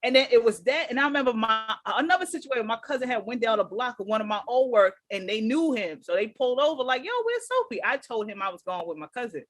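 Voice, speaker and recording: A woman's voice: a little high, fast, hardly any pauses, no echo. Dry-voiced woman telling stories in slang. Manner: animated storytelling, heavy slang and swearing. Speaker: podcast co-host. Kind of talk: casual chat.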